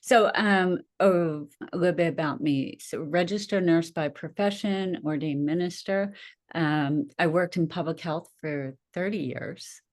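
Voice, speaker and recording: A middle-aged woman, a nurse and minister, telling her story as a podcast guest in a chatty, expressive way with frequent laughs. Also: fairly low pitch, a little slow. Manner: chatty and expressive, laughs often, acts out her own past reactions. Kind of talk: casual interview storytelling.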